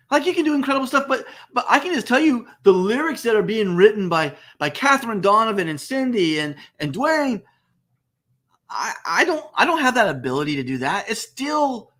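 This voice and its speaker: A man hosting a business webcast, talking emphatically and repeating words for stress. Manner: emphatic, repeats phrases, lively swings in pitch. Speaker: host. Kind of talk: enthusiastic business webcast talk.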